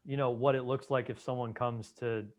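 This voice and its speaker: A man's voice: mid-range voice, a little fast. Man, interview guest, casual chat, mid-range voice, filler-heavy. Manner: relaxed, lots of "you know" fillers. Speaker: Ayurvedic doctor, guest.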